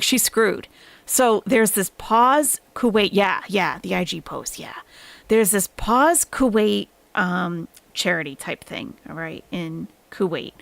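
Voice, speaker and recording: A woman's voice: medium pitch, creaky, dry recording. A woman hosting a casual livestream, animatedly telling a friend a gossipy story. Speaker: livestream host.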